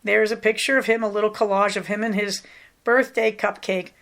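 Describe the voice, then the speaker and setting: A woman's voice: mid-range voice, fairly even intonation, brisk, gravelly, a bit bright. A middle-aged woman from Southern California hosting a podcast in a chatty, rambling, affectionate way. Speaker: podcast host. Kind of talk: casual chat.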